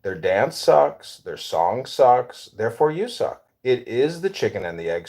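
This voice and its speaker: A man's voice: mid-range voice, very animated, a little slow, a little mellow. A man hosting a voice chat who talks in a blunt, mocking, provocative way. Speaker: host recording social audio chats.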